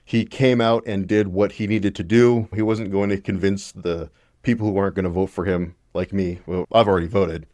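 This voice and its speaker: A young man with a deep, low voice talks through politics in a casual, opinionated way, now and then blunt enough to swear. His voice is recorded close and dry, with no room sound around it. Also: steady tone, normal speed, a little mellow, dry recording. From Canada. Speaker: political commentary host.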